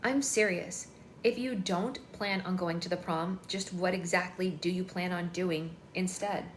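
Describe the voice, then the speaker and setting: A woman's voice: on the low side, fairly even intonation, a little slow, slight background noise, lightly acted. A woman reading the lines of a dramatic, emotional teenage girl in an echoey room, indignant and pleading.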